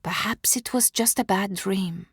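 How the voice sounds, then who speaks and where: A woman reading the lines of a calm, protective mother who soothes her frightened grown daughter with gentle questions, in an audiobook. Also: medium pitch, a little slow, breathy edge, no echo, studio quality. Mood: soothing.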